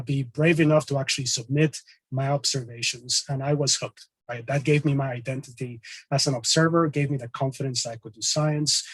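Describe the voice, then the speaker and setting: A man, a professional astronomer, giving an earnest, measured talk over a video call. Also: medium pitch, dry recording. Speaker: professional astronomer, guest speaker.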